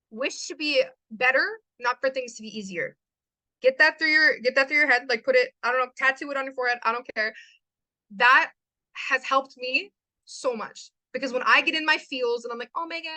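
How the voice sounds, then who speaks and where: A woman's voice: high voice, sharp tone, no room sound, poor audio. A young woman hosting a motivational talk to a live chat, emphatic and given to repeating lines for stress. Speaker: host.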